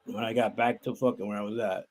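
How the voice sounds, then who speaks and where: A man's voice: lowish voice, steady tone, fast talker, darkish tone. A man, a guest on a call-in show, telling a profane story and acting out what other people said. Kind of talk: casual storytelling. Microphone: video call.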